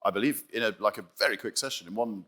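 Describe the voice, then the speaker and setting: A man's voice: fairly low pitch, quick pace, bright, forceful tone. A man interviewing a musician in conversation, enthusiastic, with frequent affirming interjections.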